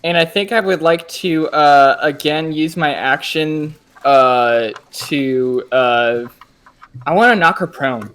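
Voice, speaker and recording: A tabletop game player reads out rules and plans moves in a casual way. The speech is hesitant and broken by many "uh" pauses. The voice sits at a middle pitch. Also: fairly bright tone, clear, resonant tone.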